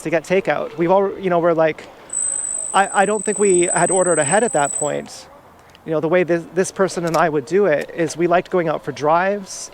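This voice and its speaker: Rambling, candid man outdoors. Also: high voice. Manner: rambling, confessional, swears freely. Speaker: vlogger. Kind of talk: candid personal storytelling. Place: outdoors in a town, walking around. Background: faint urban traffic.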